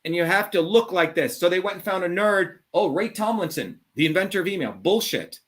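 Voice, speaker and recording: A middle-aged man with a voice a little higher than most men's holds forth on a call-in show. He is blunt and combative, swears freely and leans hard on his points in a heated monologue. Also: animated, fairly quick, a bit bright. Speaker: show host.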